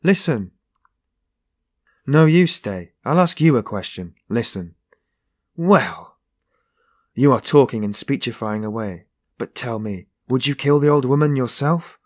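A man's voice: mid-range voice, animated, measured pace, long pauses, pitched above the performer's own voice. A man voicing an eager, argumentative young male student who speaks insistently. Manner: earnest, insistent.

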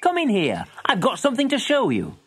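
A man voicing a kindly old gypsy grandmother who speaks in a firm, caring tone, raised high and soft. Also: wildly swooping pitch, fairly quick, heavy background noise, full character voice. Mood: tender, firm.

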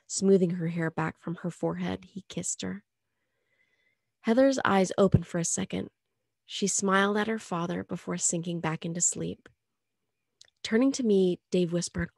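A woman reading a novel aloud chapter by chapter in an expressive storytelling manner. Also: on the low side, moderate pace, creaky, dry recording, studio quality. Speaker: audiobook reader.

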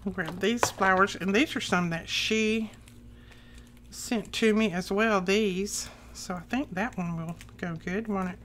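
A woman's voice: mid-range voice, unhurried, a bit bright, a little hiss or hum. A middle-aged woman hosting a crafting channel, chatting casually and rambling homey stories as she works.

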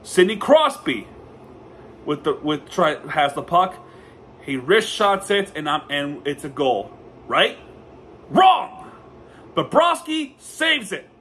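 A man recapping a hockey game as a fan, talking in a casual, excitable way and often stumbling and correcting himself. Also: a little high, slow pace, slight background noise.

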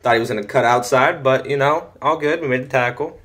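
Teen guy playing football game at home, talks to himself a lot, mid pitch, gets hyped fast. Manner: chatty, easily excited, mutters to himself. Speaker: gaming commentator. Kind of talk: casual gameplay commentary. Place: home room.

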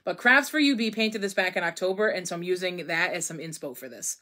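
A woman's voice: on the low side, brisk, sharp tone. A young woman hosting a casual painting tutorial, chatting and thinking aloud as she works, often poking fun at her own mistakes. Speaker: craft instructor.

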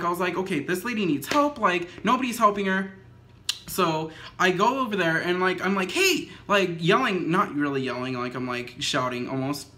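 A man's voice: a little high, pushed and bright. Rambling young man saying "like" nonstop. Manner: rambling, says "like" constantly, swears casually. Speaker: vlogger. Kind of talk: casual storytime vlog. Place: indoors at home, dim lighting.

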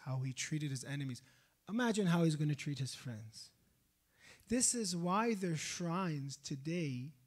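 A man preaching a sermon in a mosque, telling a story with passion and asking the congregation rhetorical questions. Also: a little high.

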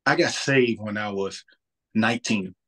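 A man's voice: lowish voice, measured pace, pushed and bright. A man, talking about faith in a casual, earnest way and often repeating words as he thinks. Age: 30s.

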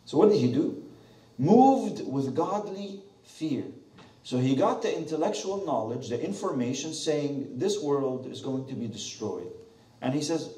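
Lively male preacher, questioning the congregation, mellow tone, roomy church, mic at a distance. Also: on the high side, a little slow. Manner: animated, asks the congregation questions. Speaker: pastor. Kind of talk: sermon. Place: church sanctuary.

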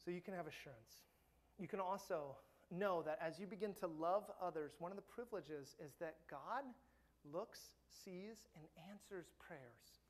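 A middle-aged man preaching a sermon as pastor, earnest and emphatic, dropping soft and slow on his key points. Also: high-pitched.

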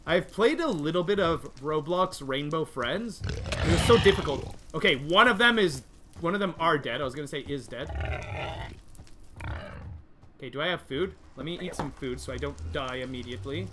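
A young man streaming a video game live, chatting with his viewers, reading their messages and yelling in frustration when things go wrong. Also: a little high, moderate pace, background noise. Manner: excitable, yells in frustration when dying; reads and answers chat. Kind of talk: live gaming stream commentary.

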